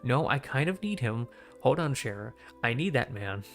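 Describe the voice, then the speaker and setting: A man streaming a game, talking casually to his viewers in a middle-pitched voice. He reacts aloud to the story in a playful, chatty way. Game music plays clearly underneath him. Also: sing-song, normal speed. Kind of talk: casual gameplay commentary.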